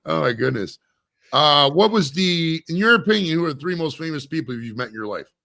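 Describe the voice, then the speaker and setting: A man's voice: on the high side, expressive, brisk, gravelly, sharp tone. A man in his forties hosting a podcast interview, rambling casually, swearing and laughing often. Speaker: podcast host.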